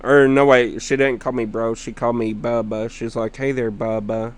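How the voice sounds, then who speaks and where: Chuckling through his stories, a young man who vlogs about gaming meanders slowly on the subject of his sister and a gaming partner. He has a medium pitch, fairly even intonation, and a clean tone.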